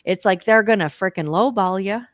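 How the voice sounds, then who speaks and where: A woman's voice: mid-range voice, moderate pace, no room sound, studio quality. A woman co-hosting a podcast, asking questions in a chatty, casual way with restarts. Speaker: podcast co-host and coach. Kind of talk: podcast interview.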